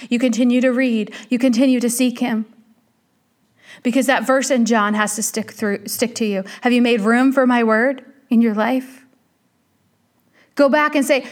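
A woman delivers a heartfelt sermon in a high, light voice. She speaks earnestly and directly, circling back to repeat her key phrases. She addresses the listener as a friend. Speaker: preacher.

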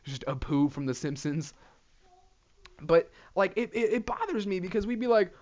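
A man's voice: high voice, moderate pace. A man hosting a solo comedy podcast, rambling and swearing freely. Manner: profane, rambling, animated. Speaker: podcast host. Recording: dull lo-fi audio.

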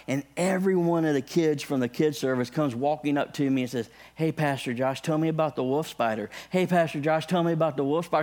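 A man who is a pastor, telling a funny personal story as part of a sermon, animated, with his voice jumping up high when excited.

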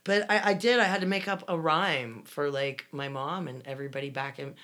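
Low-voiced woman telling a rambling story. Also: fairly even intonation, a little fast, fairly bright tone. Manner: rambling, many restarts, laughs while telling. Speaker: guest recounting life in a commune. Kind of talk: casual conversational storytelling.

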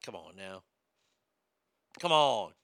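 A man's voice: lowish voice, lively intonation, slow, a bit bright, clear, resonant tone, no room sound. A man hosting a casual show, reading news items and chat comments aloud and riffing on them with irreverent jokes, often stammering and restarting.

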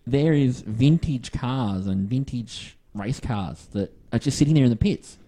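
An Australian man co-hosting a podcast, chatting casually and rambling through stories about a motoring event. His voice is mellow and relaxed, with a mid-range pitch. He acts out the people he met as he goes. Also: a little slow. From Western Australia. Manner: rambling, animated anecdotes with acted-out quotes. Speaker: podcast co-host. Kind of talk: casual storytelling chat.

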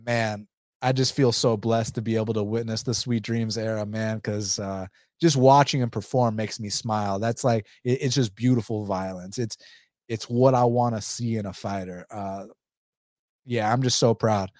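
A man's voice: fairly low pitch, steady tone, moderate pace, darkish tone, dry recording, studio quality. A young adult man giving a casual, blunt fight breakdown and betting picks, talking animatedly, swearing and using plenty of fillers. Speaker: MMA betting analyst.

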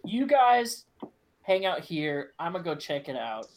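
A man's voice: fairly high pitch, big pitch swings, a little slow. A man playing a tabletop game, answering in a flippant, sarcastic way. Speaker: player. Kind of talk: casual tabletop role-play.

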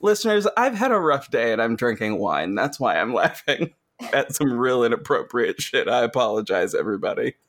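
A man's voice: mid-range voice, big pitch swings, moderate pace, fairly bright tone. A man hosting a podcast in casual chat, laughing often and swearing freely as he tells the story. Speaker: podcast host.

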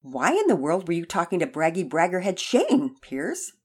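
A woman reading a storybook and voicing a loud, indignant little sister. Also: on the low side, wildly swooping pitch, moderate pace, husky, heavily acted. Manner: loud and sassy.

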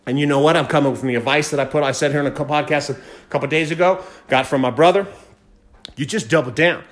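A man hosting a podcast, fast-talking and fired up, giving a motivational monologue and repeating phrases for emphasis. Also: fairly high pitch. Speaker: podcast host.

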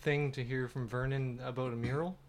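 A man's voice: mid-range voice, steady tone, fairly quick. A man telling a rambling joke and stories in a casual podcast chat, laughing often. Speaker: podcast guest.

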